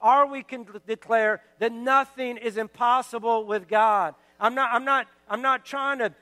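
A man's voice: extremely high pitch, fairly even intonation, normal speed, pushed and bright. A man preaching a sermon as pastor in a church, earnest and exhorting, building to emphatic declarations. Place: church sanctuary. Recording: long hall reverb.

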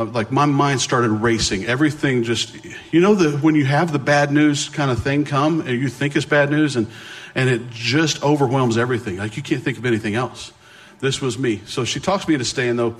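A middle-aged man giving a sermon as a guest speaker, telling a personal story with animated pitch jumps and frequent restarts.

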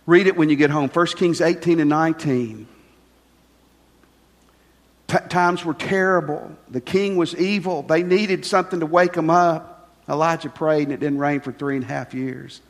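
A man's voice: on the high side, moderate pace. An older man preaching a folksy, conversational sermon, full of rhetorical questions to the congregation. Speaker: pastor. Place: church sanctuary. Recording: long reverb of a church hall.

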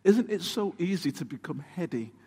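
A man with a high-pitched voice preaches with animated emphasis and asks his listeners rhetorical questions. His voice carries a long, echoing hall reverb. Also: normal speed, slightly rough. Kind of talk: sermon.

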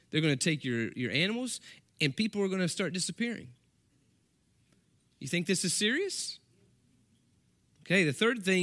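A man's voice: sits high, fairly bright tone. A man, a senior pastor, preaching a sermon in a conversational way, asking the congregation questions and reading scripture aloud with emphasis.

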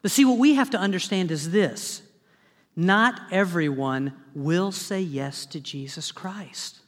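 High-voiced man preaching in a hall. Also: a little slow. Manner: animated, dramatic preaching with humorous asides. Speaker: pastor. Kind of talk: sermon.

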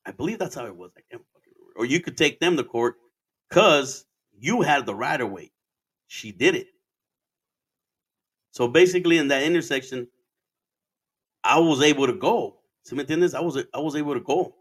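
A man's voice: medium pitch, lively intonation, moderate pace, long pauses, slightly rough. A man in his thirties from Arizona, telling a casual, rambling story full of swearing and dropping into Spanish phrases. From Arizona, USA.

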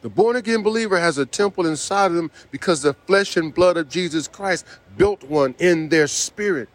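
A man's voice: on the high side, normal speed. Emphatic man preaching a sermon. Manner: repetitive, emphatic preaching with frequent "see".

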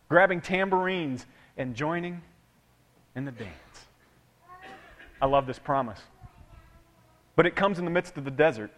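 A man preaching a sermon in a conversational way, swinging from loud repeated words down to hushed asides. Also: medium pitch. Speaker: pastor. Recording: long hall reverb.

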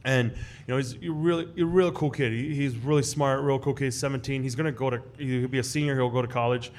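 A man telling a personal story in a casual way to a live audience at a restaurant event, slipping into the voices of the people he quotes. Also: fast. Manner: animated, acts out quoted voices with big jumps in pitch. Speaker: guest storyteller on a live podcast show.

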